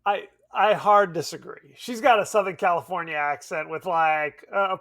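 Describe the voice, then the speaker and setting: A man co-hosting a podcast in casual chat, animated, laughing often and swearing casually. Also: high-pitched, moderate pace. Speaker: podcast co-host. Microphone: remote podcast mic.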